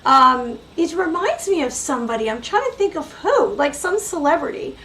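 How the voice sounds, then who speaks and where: A woman's voice: high-pitched, sing-song, moderate pace, pushed and bright, a little hiss or hum. A woman from New York with a New York accent, hosting a livestream in a chatty, upbeat way. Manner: chatty and upbeat, lots of fillers and laughs. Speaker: host. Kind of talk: casual livestream talk.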